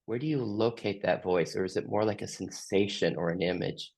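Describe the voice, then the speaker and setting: A man facilitating a group session, gently asking slow, open questions. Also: lowish voice, vocal fry. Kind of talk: guided group reflection.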